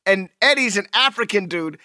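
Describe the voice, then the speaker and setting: A man chats loudly and with big energy as a podcast co-host. His voice sits high and swings widely in pitch. It sounds bright and close, with a dry, deadened room. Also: moderate pace, dry recording. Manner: loud and animated. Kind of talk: casual chat.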